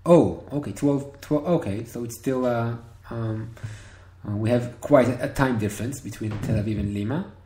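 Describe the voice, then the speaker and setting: A man's voice: medium pitch, dark tone, a little hiss or hum. Patient man teaching over a call. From Israel. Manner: patient, encouraging, repeats words slowly. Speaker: Hebrew teacher. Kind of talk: one-on-one online language lesson. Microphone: video call. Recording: roomy video call audio.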